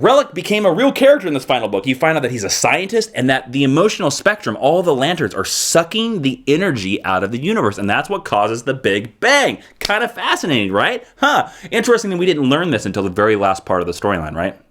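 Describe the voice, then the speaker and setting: A man reviewing comic books in a casual, joking vlog with quick asides. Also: mid-range voice, fairly bright tone.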